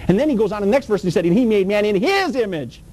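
A man's voice: high-pitched, expressive, very fast, a little mellow, rough recording. A man preaching a sermon in a folksy, emphatic, colloquial way.

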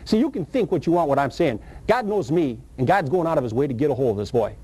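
A man preaching a sermon and telling his own testimony, with animated storytelling and sudden high, excited bursts. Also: fast, husky, rough recording.

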